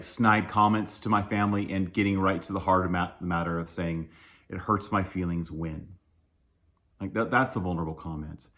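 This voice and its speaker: Male church speaker, slightly low voice, loose and candid sermon delivery with frequent chuckles. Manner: candid, self-deprecating, chuckles often; loose with many fillers and restarts. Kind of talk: conversational sermon.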